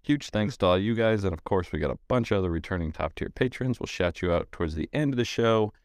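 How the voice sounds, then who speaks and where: A man's voice: low-pitched, lively intonation, fast talker, a little mellow, no echo, clean studio sound. A man co-hosting a podcast in casual chat, joking as he reads out sponsor and patron thanks. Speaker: podcast co-host.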